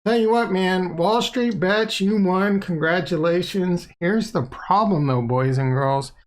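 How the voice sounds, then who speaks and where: A man's voice: high-pitched, a little slow. A man talking casually on a livestream as a crypto YouTuber, loose and rambling, playful and blunt, close to a desk microphone.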